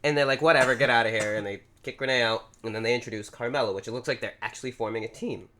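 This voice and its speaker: A man's voice: medium pitch, very fast, a little hiss or hum. A man co-hosting a podcast, casually retelling events and acting out quotes as he goes. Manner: animated storytelling, acting out quotes. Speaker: podcast co-host. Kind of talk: casual recap chat.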